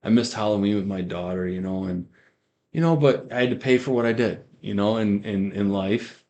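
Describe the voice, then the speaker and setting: A man with a fairly low voice tells his story in a loose, rambling way. He circles back over the same words and acts out the lines of the people in his story. It sounds like casual spoken testimony rather than a prepared speech. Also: moderate pace, darkish tone. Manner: rambling storyteller who repeats himself and acts out quoted lines. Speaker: guest giving a faith testimony.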